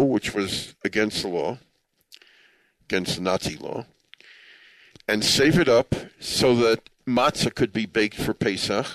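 A man with a low-pitched voice tells a heartfelt personal story at an unhurried pace. He sounds earnest and reflective, chokes up easily, and weaves in Hebrew and Yiddish religious words. The recording is dry and close. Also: fairly bright tone, dry recording, poor audio. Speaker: speaker telling a story to listeners.

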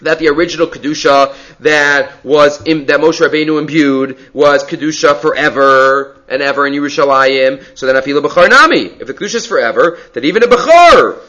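Bright-voiced man giving a Talmud lecture. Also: fairly high pitch, dull audio. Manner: mixes English with Hebrew and Aramaic quotations, lively reading of sources; talks fast with frequent restarts. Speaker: Talmud teacher.

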